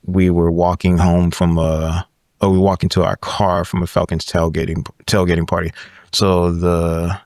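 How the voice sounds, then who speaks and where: Deep-voiced guy in his 30s on a podcast, animated storytelling, keeps saying right?, dry close mic sound. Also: moderate pace, no echo. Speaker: podcast guest. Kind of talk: casual conversation, storytelling.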